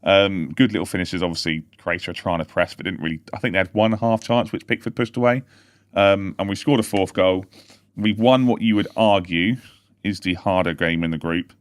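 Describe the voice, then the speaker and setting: Low-voiced sweary man. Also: fairly quick, no echo, studio quality. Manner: sweary, loses his train of thought, laughs easily. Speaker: podcast host. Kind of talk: casual football chat.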